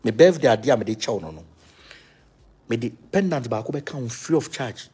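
A man with a Ghanaian accent, the leader of a spiritual movement, chatting casually with viewers. He teases them in a lively way and switches between Twi and English. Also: mid-range voice, moderate pace, husky. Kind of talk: casual talk reacting to viewers.

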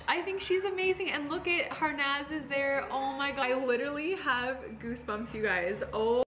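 A woman reacts live to a pageant and talks straight to her viewers, breaking into excited outbursts. Her voice is bright and fairly high. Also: moderate pace, hardly any pauses.

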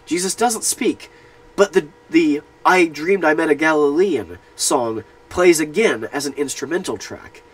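Husky, lively man analyzing a film. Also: on the high side, measured pace, rough recording. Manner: earnest and reflective, retelling scenes. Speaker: film commentator.

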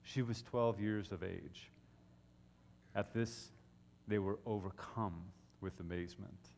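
Slow, dramatic pastor in a reverberant church. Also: male voice, sits low, fairly even intonation, creaky, a little hiss or hum. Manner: dramatic storytelling, dropping to hushed tones. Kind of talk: Easter sermon. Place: church sanctuary. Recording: long reverb of a church hall.

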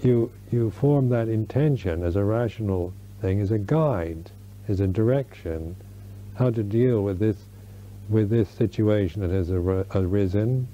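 An older American man, a Buddhist monk, giving a slow Dharma talk at a retreat, searching for words with many restarts. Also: on the low side, warm tone. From United States. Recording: dull lo-fi 1991 recording.

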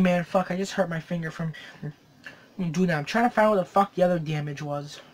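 A man's voice: high voice, moderate pace. A teenage boy unboxing a collectible toy on his vlog, swearing constantly and ranting angrily between mumbled hums. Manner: profane angry ranting.

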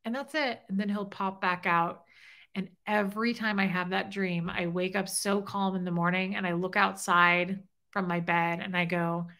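A woman's voice: medium pitch, steady tone, moderate pace, pushed and bright. A middle-aged woman hosting a casual livestream, talking openly and emotionally while reading viewer comments. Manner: heartfelt, openly emotional, chatty. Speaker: livestream host.

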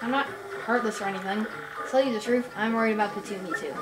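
A woman's voice: mid-range voice, quick pace, natural voice. Woman reading an earnest young tribe hero. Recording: roomy with game music behind.

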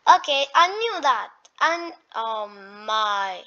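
Excitable woman narrating gameplay, dull mic. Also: high voice, slow pace. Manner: excitable, with sudden shrieks of alarm; talks to enemies as she plays. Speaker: gaming YouTuber. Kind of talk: let's-play gameplay commentary.

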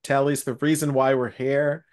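A man's voice: mid-range voice, level tone, moderate pace, a little mellow. A man co-hosting a livestream, joking casually over old television commercials. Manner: jokey, wisecracking. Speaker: stream co-host.

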